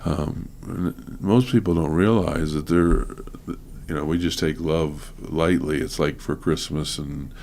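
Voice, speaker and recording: A man speaking as a guest minister in an interview, earnest and halting, with many fillers. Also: very deep voice, steady tone, creaky, darkish tone, slight background noise. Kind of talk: conversational interview.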